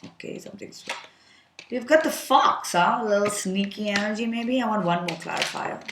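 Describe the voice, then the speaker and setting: A woman's voice: mid-range voice, brisk, echoey room, noisy background. A woman giving a casual tarot reading, chatty and frank, thinking aloud with many fillers and an occasional curse. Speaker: tarot card reader.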